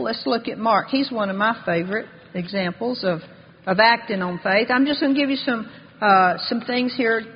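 A woman preaching a sermon with fervor, reading scripture aloud and slowing down to stress key words. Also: sits high. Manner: fervent, slows and rises for emphasis, reads scripture aloud. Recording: dull long-reverb hall.

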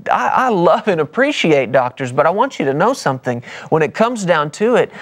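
A man preaching a sermon on a broadcast, telling a story and then building to emphatic points. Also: fairly high pitch. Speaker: pastor.

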